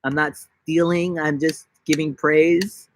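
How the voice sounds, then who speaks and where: A young man from New York chatting on a casual live stream from his backyard, rambling and joking, with bursts of silly high-pitched voices. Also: level tone, takes it slowly, a little hiss or hum. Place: outdoors in a backyard.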